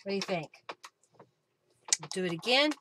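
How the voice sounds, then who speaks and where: A woman's voice: mid-range voice, expressive, normal speed, background noise. A woman hosting a casual craft live stream from her home craft room, chatting and thinking aloud as she works.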